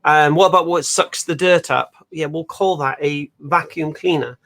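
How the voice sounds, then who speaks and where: A man's voice: on the high side, fairly even intonation, moderate pace, fairly bright tone. A man hosting a casual conversation, chatty and repetitive, laughing often. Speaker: host.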